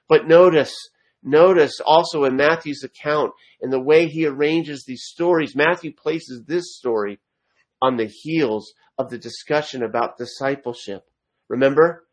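A man preaching a sermon, reading scripture aloud and stressing key phrases by repeating them. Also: mid-range voice.

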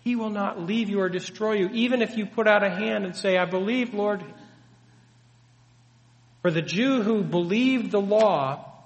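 A man's voice: high voice, moderate pace. Earnest preacher man in a reverberant hall. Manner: earnest, emphatic teaching with rhetorical questions. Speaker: pastor. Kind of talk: sermon.

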